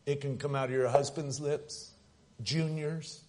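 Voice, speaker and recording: A man preaching a sermon as pastor at a church service, swinging from loud emphatic lines to soft, hushed ones. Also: fairly high pitch, fairly even intonation, unhurried.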